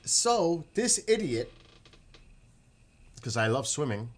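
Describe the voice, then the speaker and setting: A middle-aged man from the northeastern US tells rambling, profane stories in a casual, animated monologue. His voice is on the high side and he speaks slowly.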